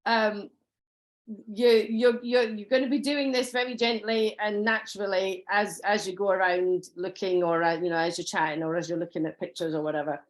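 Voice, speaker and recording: A woman's voice: mid-range voice, fairly even intonation, normal speed. A woman giving an informal sales training talk, chatty, with many restarts and ums and acted-out customer lines.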